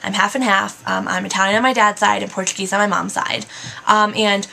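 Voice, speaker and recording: A woman's voice: medium pitch, little pitch movement, brisk, vocal fry, sharp tone, slight background noise. A young American woman in her twenties, chatting casually in a vlog, full of fillers and "like", getting worked up as she vents. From United States. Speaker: vlogger.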